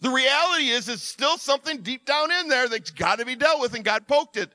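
High bright-voiced man telling a sermon story. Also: brisk, dry recording. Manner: animated storytelling, acting out his own voice and others. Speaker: preacher. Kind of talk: sermon told as a personal story.

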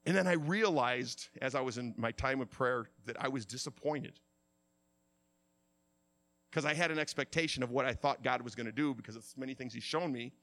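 A middle-aged male pastor preaching a sermon, swinging from quiet confession to impassioned shouting. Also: medium pitch, moderate pace.

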